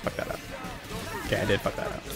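A man's voice: quick pace, loud music behind the voice. A man streaming a video game, swearing and joking at his chat while he plays. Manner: profane, joking, talks to chat. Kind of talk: casual gameplay commentary. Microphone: desk mic.

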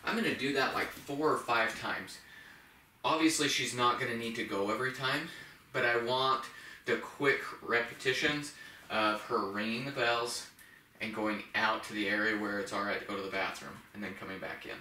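A man who trains puppies, calmly explaining a training method step by step and softly praising the dog. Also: mid-range voice, normal speed, a little hiss or hum. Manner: calm, plain explaining, with soft praise to a puppy. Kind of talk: instructional demonstration. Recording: echoey room, mic at a distance.

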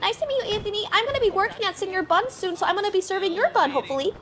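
A woman's voice: very high voice, lively intonation, racing, crowd noise. A woman roleplaying in a game, playful and teasing in her tone.

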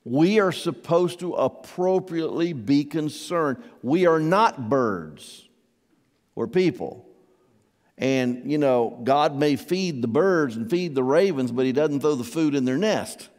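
A man's voice: a little high, expressive, slow pace, a little mellow, long reverb tail. A man preaching a sermon as pastor, conversational and asking his congregation questions. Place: church hall.

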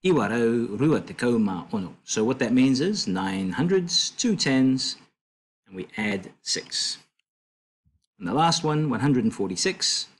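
A man tutoring a language lesson, explaining slowly and patiently with fillers and self-corrections. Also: mid-range voice, very animated.

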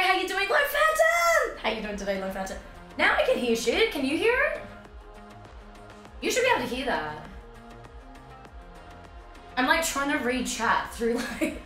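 A woman's voice: mid-range voice, a bit bright, roomy sound. A woman streaming a game live, chatting and swearing freely with her chat and sing-songing greetings, her voice a bit worn out.

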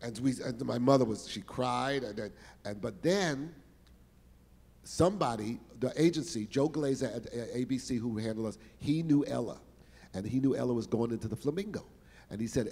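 An older man telling showbiz stories on stage, animated and exclamatory, repeating words for emphasis. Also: medium pitch, brisk, vocal fry, in a large hall. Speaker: guest performer telling stories. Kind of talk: animated storytelling interview. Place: stage in a large hall.

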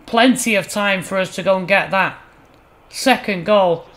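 A man with a high, light voice runs a gaming channel and calls his own football game matches like a broadcast commentator. He keeps an easy patter through the build-up and jumps sharply louder when a shot goes close or the ball hits the net. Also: unhurried. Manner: excitable, bursts loud on chances and goals. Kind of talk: playful mock match commentary over gameplay.

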